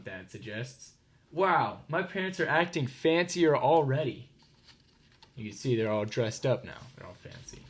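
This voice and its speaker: Reading a children's picture book slowly and with animation, an American-accented man speaks at medium pitch, stopping now and then to explain words and pose questions to listeners.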